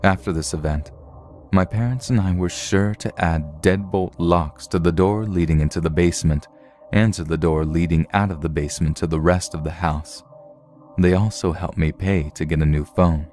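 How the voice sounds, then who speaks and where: A man narrating true horror stories in a steady, measured storytelling read. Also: sits low, faint music behind.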